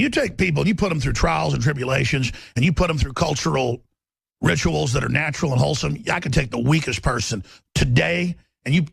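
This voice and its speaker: Brief: gravelly male talk radio host, forceful monologue, sharply shifting pace. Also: on the high side, dry recording. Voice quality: raspy.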